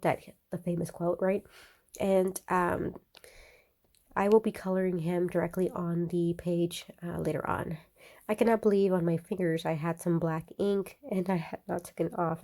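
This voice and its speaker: A woman's voice: on the low side, warm tone. A woman casually narrating her planner crafting, chatty and upbeat, with many fillers and laughs at herself.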